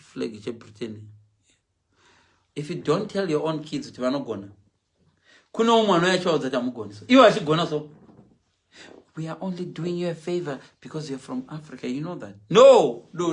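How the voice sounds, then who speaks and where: Animated middle-aged man. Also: on the high side. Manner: animated, switches often between English and Shona; acts out quoted voices and animal sounds. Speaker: live-stream host. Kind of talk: casual live-stream chat.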